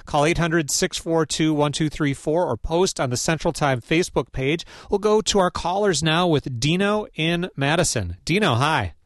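A man hosts a public radio call-in show from a studio microphone. His voice sits a little high, and the room around him is completely dry. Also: lively intonation, normal speed, few pauses, no echo.

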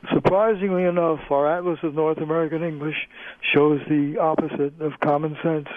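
A male linguist, a guest on a radio interview, explaining in a measured way with frequent pauses over the phone. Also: fairly high pitch, fairly even intonation, no echo. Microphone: telephone. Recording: tinny phone line, dry.

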